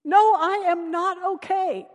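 A distraught young wealthy woman, put on by a woman preacher, spills out her troubles in a high, pleading voice. The sound rings with a long reverb, as in a church. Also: slow. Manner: pleading, apologetic outpouring.

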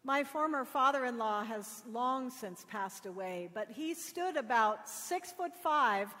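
A middle-aged woman pastor giving a sermon, telling stories with gentle humor. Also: a little high, lively intonation, a little slow. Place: church. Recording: long reverb of a church.

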